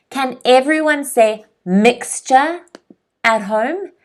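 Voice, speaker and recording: A woman teaching English vocabulary at an unhurried pace with a mid-range voice. She repeats words slowly for learners to say along with her and keeps checking in with a quick "okay?". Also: mid-range voice, animated. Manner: slow, clear pronunciation drills with frequent check-ins. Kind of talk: vocabulary lesson.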